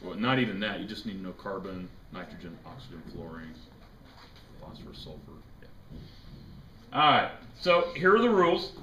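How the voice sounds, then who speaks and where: A man's voice: low-pitched, big pitch swings, normal speed, long pauses. A man teaching a chemistry class, lecturing casually, joking and quizzing his students. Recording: echoey classroom with faint noise.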